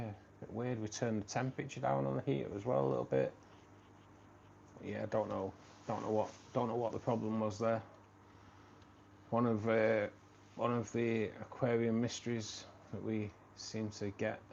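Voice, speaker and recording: A man's voice: lowish voice, level tone, normal speed, creaky, pauses often, a little mellow, a little hiss or hum. A man with a Manchester accent hosting a casual live stream, rambling, repeating himself and calling everyone "mate". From Manchester, England. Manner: rambling, repeats phrases, says "mate" a lot. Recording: dull lo-fi stream audio.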